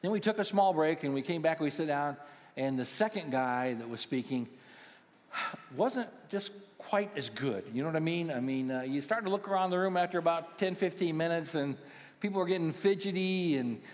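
A man's voice: fairly high pitch, lively intonation, normal speed. A man in his sixties, a pastoral care minister, preaching a sermon with humorous, self-deprecating stories for the congregation. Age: 60s. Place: large church auditorium. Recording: long church hall reverb.

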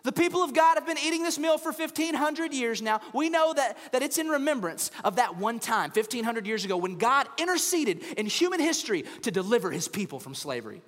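Pastor, man, high lively voice, hall reverb, acts out bits. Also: a little fast, hardly any pauses. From United States. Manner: animated storytelling, acts out voices, humorous. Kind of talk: sermon. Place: church stage.

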